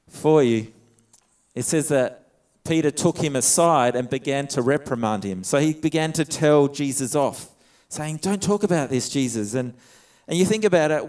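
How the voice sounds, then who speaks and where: A man delivers a sermon in an easygoing, conversational way, stopping to read scripture aloud between his own comments. His voice is fairly high for a man and comes through smooth and resonant. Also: a little mellow. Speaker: pastor.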